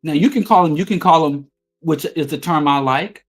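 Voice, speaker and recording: A man's voice: on the high side, normal speed, a bit bright, faint music behind. A middle-aged man hosting a talk show, delivering an emphatic, profane political monologue. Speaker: podcast host.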